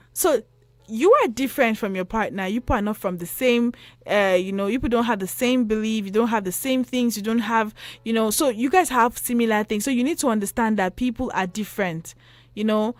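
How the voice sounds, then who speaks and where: A woman's voice: on the high side, dry recording. A young Nigerian woman hosting a late-night radio talk show, chatty and repetitive, often pleading with her listeners. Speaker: radio host. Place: radio studio. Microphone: studio microphone.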